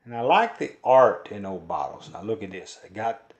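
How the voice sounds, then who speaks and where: A man's voice: lowish voice, very animated, moderate pace, highs cut off. An older man from Kentucky and Louisiana with a Southern accent, talking to camera in a rambling, homespun, earnest way. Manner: homespun storytelling, drawling and earnest. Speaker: folk-art vlogger and collector. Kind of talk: rambling folksy monologue to camera.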